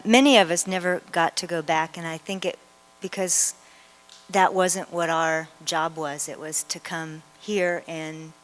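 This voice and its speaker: A woman in her sixties with a somewhat low voice reflects on her past, pausing on fillers. Her voice rings in a long hall reverb. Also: a little hiss or hum. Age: 60s. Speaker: devotee sharing memories. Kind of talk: personal storytelling at a reunion.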